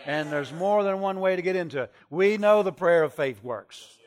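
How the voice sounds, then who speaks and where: A middle-aged man, a traveling preacher, telling a story in a sermon and swinging from hushed tones to shouting. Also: high-pitched, moderate pace.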